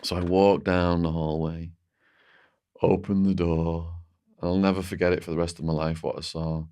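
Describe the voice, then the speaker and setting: Low-voiced man telling a gripping story. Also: flat delivery, normal speed, a little mellow, clear, resonant tone. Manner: vivid storytelling, frequent "like" and restarts. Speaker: interview guest. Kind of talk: recounting a personal story.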